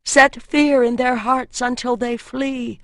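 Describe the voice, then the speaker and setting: A woman narrator voices a young priestess in hiding, earnest and prayerful. She speaks slowly and carefully. The recording is dry and close. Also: high-pitched, fairly even intonation, no echo, pitched above the performer's own voice.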